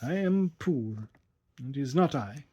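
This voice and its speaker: A man reading aloud and voicing a young Italian fisher lad who speaks gravely and haltingly. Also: mid-range voice, expressive, warm tone, highs cut off.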